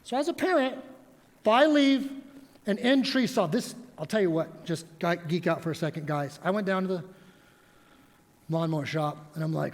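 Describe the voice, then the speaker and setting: Male pastor, high voice, lively storytelling sermon, long church reverb. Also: normal speed, creaky. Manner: animated storytelling with props. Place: church sanctuary.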